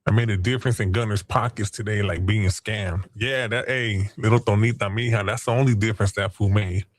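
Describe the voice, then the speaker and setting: Brief: livestream host, male, low voice, mocking trash talk, swears freely. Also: fairly even intonation, a little fast. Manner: taunting, trash-talking chat users; crude, profane slang. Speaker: stream host. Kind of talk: casual livestream chat.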